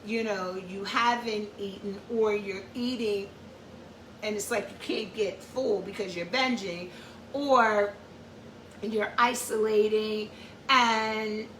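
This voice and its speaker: Slow-talking woman explaining things in an echoey room. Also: medium pitch, fairly bright tone, a little hiss or hum. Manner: repetitive, explaining, with checking "okay?" asides. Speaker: host. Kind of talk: informal educational talk. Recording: echoey room, far from the mic.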